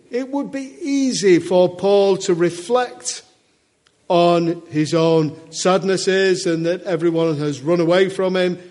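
A man's voice: sits high, darkish tone. A man preaching a sermon to a church congregation in a conversational way, often asking his listeners questions.

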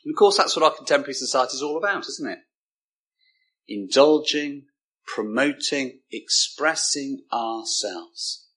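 A man preaching a sermon, emphatic, with dramatic pauses and repeated words. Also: mid-range voice, animated, sharp tone, slightly rough.

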